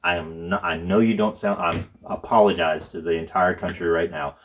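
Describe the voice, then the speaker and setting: A man co-hosting a casual comics chat with his wife, joking and quick with apologetic asides. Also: low-pitched, fairly even intonation, a little hiss or hum. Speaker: co-host.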